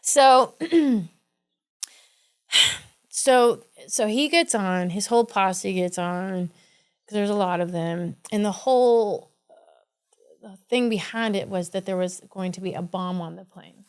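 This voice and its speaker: A woman's voice: mid-range voice, slow, long pauses, clear, resonant tone. A woman from Kentucky, a podcast guest, telling a story in casual chat and acting out the people in it. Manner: animated, acts out the people in her story.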